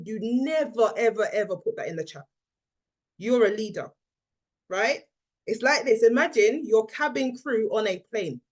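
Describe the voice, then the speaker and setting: Woman, team leader, lively training call talk, video call. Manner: energetic, acts out quoted people in a high voice.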